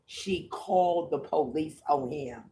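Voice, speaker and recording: A woman's voice: low voice, dark tone. A woman hosting a livestream, telling a story in a profane, repetitive way. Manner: slow, drawling, profane, repeats herself. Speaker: livestream host.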